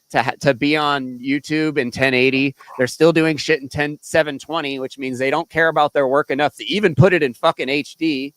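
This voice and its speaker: A man's voice: a little high, a bit bright, no room sound, low-quality recording. A man hosting a live podcast, talking casually and bluntly, ranting and swearing as he goes. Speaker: podcast host. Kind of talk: casual live-stream commentary.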